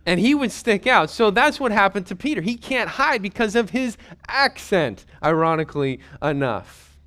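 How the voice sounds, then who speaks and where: Animated preaching man, sermon style. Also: high-pitched, moderate pace. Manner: animated preaching, voices quotes in hushed whispers; conversational, folksy asides. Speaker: pastor.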